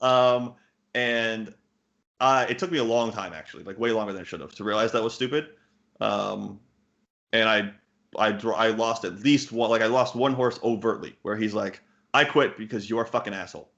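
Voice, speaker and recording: A man's voice: lowish voice, fairly even intonation, moderate pace, fairly bright tone. A man in his thirties, a poker coach, answering interview questions bluntly, swearing casually and full of fillers and restarts. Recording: muffled lo-fi audio.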